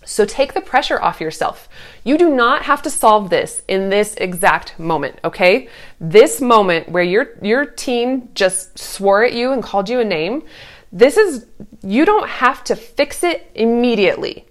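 A woman's voice: a little high, animated, a little slow. A woman in her thirties giving casual parenting advice, earnest and reassuring, now and then putting on a sweet sing-song voice when she acts out what a parent might say. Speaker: parenting coach.

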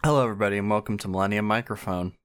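A podcast host joking crudely in comedic banter, with a drawn-out delivery. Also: deep voice, dry recording, clean studio sound.

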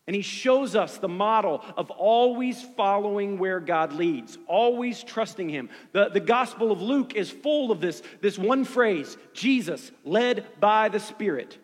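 A man's voice: high-pitched, long reverb tail. A man in his forties preaching a sermon in earnest, building through repeated phrases. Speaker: pastor.

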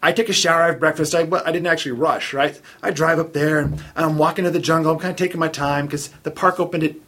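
A man's voice: on the high side, fast talker. A man casually telling stories as a podcast guest, acting out the voices of the people in them. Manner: animated storyteller, acts out quoted voices. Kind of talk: casual storytelling chat.

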